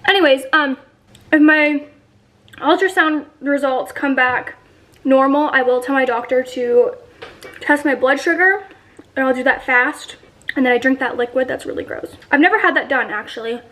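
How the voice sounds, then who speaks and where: High-voiced chatty young woman vlogging. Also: normal speed, fairly bright tone, poor audio. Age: 20s. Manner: chatty, rambling, filler-heavy. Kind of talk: casual vlog chat.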